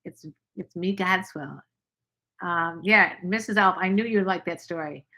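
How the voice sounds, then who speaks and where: A woman's voice: fairly low pitch, a little slow, pushed and bright. A woman co-hosting a casual livestream chat from the American South, greeting viewers by name as she talks. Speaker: livestream co-host.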